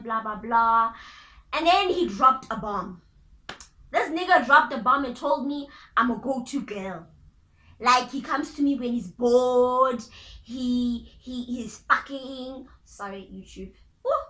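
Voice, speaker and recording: A young woman with a South African accent tells a story to her camera, her voice high and bright, full of dramatic turns. The room around her is echoey. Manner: animated, dramatic, chatty. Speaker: vlogger. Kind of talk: casual storytime.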